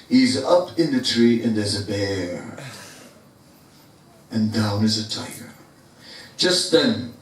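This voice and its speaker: A man gives a sermon as a spiritual teacher, telling stories in a slow, deliberate way. His voice sits fairly high. He is heard from far off in a very echoey hall. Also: fairly bright tone. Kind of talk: sermon storytelling.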